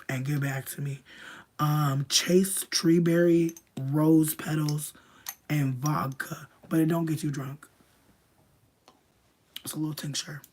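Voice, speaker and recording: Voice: medium pitch, darkish tone. Young streamer w a sick voice, rambly, swears a lot, keeps going all whispery. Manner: rambling, profane, heavy "like" filler; drops into breathy half-whispers. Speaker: livestreamer answering chat. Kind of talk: casual livestream chat.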